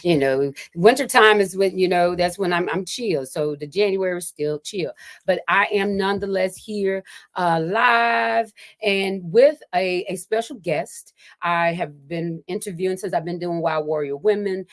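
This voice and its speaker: Low-voiced woman hosting a casual livestream. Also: measured pace. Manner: loose and chatty, with many fillers and laughs. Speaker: host of a live-streamed interview show. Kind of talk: casual live-stream chat.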